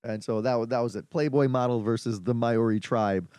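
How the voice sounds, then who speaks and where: A man co-hosting a comedy podcast, reading news stories with wry, deadpan asides in casual chat. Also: mid-range voice, a little fast, smooth, dry recording, clean studio sound. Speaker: podcast co-host.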